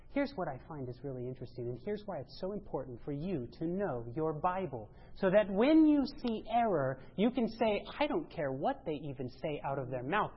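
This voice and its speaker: A woman giving a sermon-style church presentation, emphatic, rising to loud exclamations and dropping low. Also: a little hiss or hum. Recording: dull lo-fi sound.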